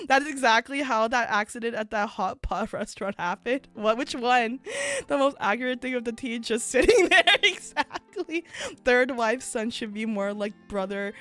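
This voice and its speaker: A woman VTuber telling stories in casual chat, animated and full of fillers, acting out the people in them. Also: on the high side, normal speed, faint music behind. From United States. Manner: animated, filler-heavy, acts out voices in stories. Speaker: VTuber streamer.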